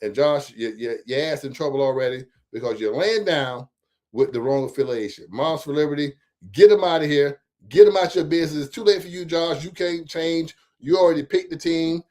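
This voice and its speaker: A man hosting casual political commentary, talking straight to his viewers in an animated, profane, chatty way. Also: fairly high pitch. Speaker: host of a local commentary stream.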